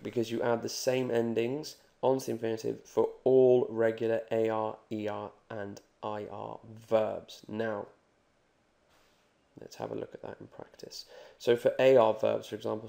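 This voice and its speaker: A man teaching Spanish grammar in a video lesson, joking and reassuring as he repeats examples slowly. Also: lowish voice, little pitch movement, vocal fry, warm tone.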